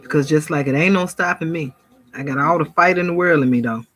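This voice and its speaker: A woman's voice: sits low, quick pace. Fervent woman preaching to y'all. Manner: fervent, addresses viewers as y'all, mimics gossip. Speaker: spiritual vlogger. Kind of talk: casual preaching monologue to viewers.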